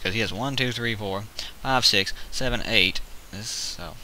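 A man's voice: fairly low pitch, unhurried, bright, forceful tone, poor audio. Rambling man narrating a strategy game. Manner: rambling, counts units aloud, self-correcting. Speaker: gameplay video host. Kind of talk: casual let's-play commentary. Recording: faint hiss behind.

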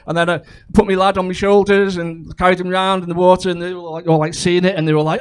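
A man's voice: high voice, level tone, quick pace, few pauses, clear, resonant tone. A man performing a crude, chatty stand-up comedy set, full of ums and asides. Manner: chatty, crude, with frequent fillers.

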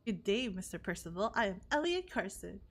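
A woman voicing a formal, aloof male gentleman from a video game, reading his lines stiffly. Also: medium pitch, big pitch swings, fairly quick, pitched below the performer's own voice.

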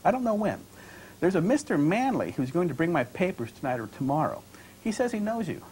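A man's voice: fairly high pitch, sing-song, a little fast, darkish tone, a little hiss or hum, rough recording. A man reading aloud from his novel, voicing a wry, talkative young American woman traveler with ironic, lightly defensive chatter. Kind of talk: author reading dialogue aloud.

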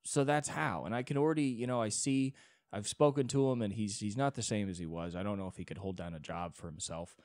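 A man's voice: on the low side, fast talker, darkish tone, no echo, clean studio sound. A young man hosting a solo podcast, rambling in a casual monologue with many restarts and frequent swearing. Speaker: podcast host.

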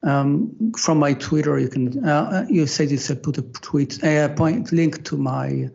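A man with a French accent, talking in halting, hesitant phrases as an interview guest. His voice is husky and gravelly, and it sits a little high. The audio is dull and lo-fi, like a video call. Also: darkish tone.

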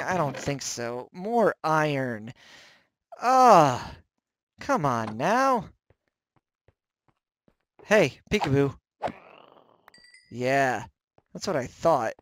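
A man hosting a game let's play, commenting on his own play with jumpy, excitable reactions, yelps and self-mockery, close to the microphone. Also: fairly high pitch, no echo. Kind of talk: gameplay commentary.

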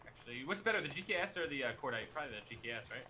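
A male gamer with a fairly high, expressive voice talks fast to his teammate during a match, rambling with lots of fillers and quick exclamations. Game sounds are clearly audible behind him as they chat casually about the gameplay.

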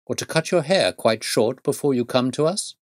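A man voicing an eccentric middle-aged gentleman who talks in a coaxing, fussy way with rising emphasis. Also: mid-range voice, lively intonation, normal speed, no echo, studio quality, natural voice. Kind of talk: audiobook reading.

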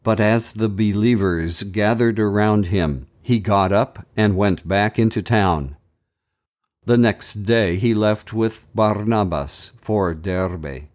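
A man hosting a daily Bible reading podcast, reading scripture aloud in a measured, deliberate way with brief commentary. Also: on the low side, darkish tone.

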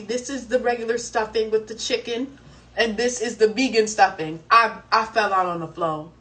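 A young woman hosting a live stream from home, chatting casually and telling a story in an animated, slangy way with plenty of cursing. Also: medium pitch. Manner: animated, slangy and profane, with exclamations. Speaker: live-stream host answering viewer questions. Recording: voice a bit distant from the mic, faint background noise.

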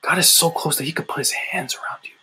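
A man's voice: fairly high pitch, fast, bright, forceful tone, in a whisper. A man preaching an impassioned sermon, often repeating phrases and calling his listeners "guys".

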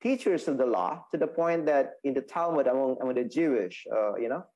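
A man teaching a Sabbath school Bible lesson, explaining slowly with many restarts and fillers. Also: mid-range voice, expressive, darkish tone, dull audio. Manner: explaining, repeats and restates points, halting with fillers.

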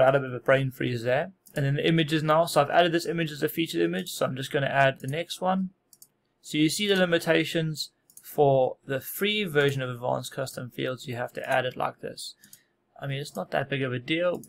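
A man records a laid-back software tutorial at his desk microphone. His voice has a gravelly, creaky edge, and he talks in a loose, self-deprecating way full of fillers and false starts. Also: medium pitch. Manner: relaxed, self-deprecating, many fillers and restarts. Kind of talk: casual screen-recorded tutorial.

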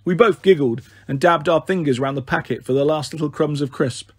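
A man reading a children's novel aloud in steady, expressive first-person narration. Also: on the high side, brisk, breathy edge, no room sound. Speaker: storyteller. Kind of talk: children's book read aloud.

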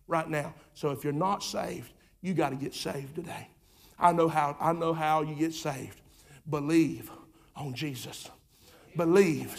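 A pastor preaching a sermon in a church, fervent and repetitive, swinging from loud urging to quiet asides. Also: male voice, fairly high pitch, measured pace, vocal fry. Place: church sanctuary.

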